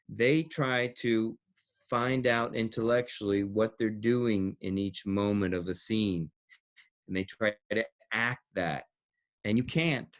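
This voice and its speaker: A man who coaches actors and directs, explaining his teaching in an interview with emphasis, repeating key words and laughing between points. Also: on the low side.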